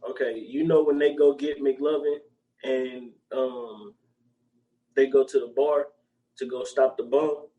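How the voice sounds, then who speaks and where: A man in his usual speaking voice, neither high nor low, chatting on a podcast. He rambles along in loose slang and keeps looping back to the same filler phrases. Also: steady tone, measured pace, mellow, dull audio. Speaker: podcast co-host. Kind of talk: casual chat.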